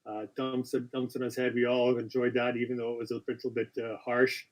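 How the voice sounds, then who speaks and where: A man hosts a casual live-stream quiz in an average-pitched voice. He reads questions out with chatty asides, quick apologies and frequent self-corrections. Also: level tone. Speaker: quiz host.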